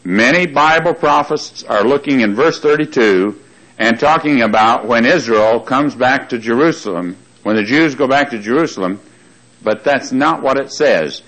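A man's voice: mid-range voice, moderate pace, a bit bright, poor audio. A man preaching a sermon who reads scripture aloud, quizzes his congregation and repeats lines for emphasis. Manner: reads scripture aloud in King James wording.

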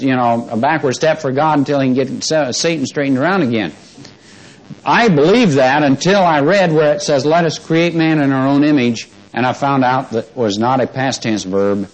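A man preaching in an easy, conversational way that swells into emphatic, stretched-out stresses. He chuckles often. His voice sits at a middling pitch for a man. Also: poor audio. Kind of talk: sermon.

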